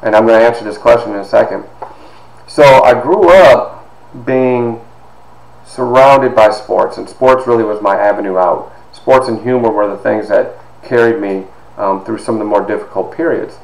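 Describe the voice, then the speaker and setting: Fifties man from Toledo, storytelling speaker, lowish voice, lively chatty delivery, roomy echo. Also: creaky. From Toledo, Ohio. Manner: animated, conversational, with frequent asides. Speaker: author and speaker. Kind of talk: personal storytelling talk. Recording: echoey room with faint noise.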